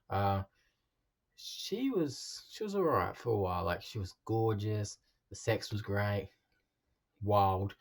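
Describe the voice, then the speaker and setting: Man, somewhat low voice, halting confessional storytelling, lots of ums and restarts. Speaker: vlogger telling his life story.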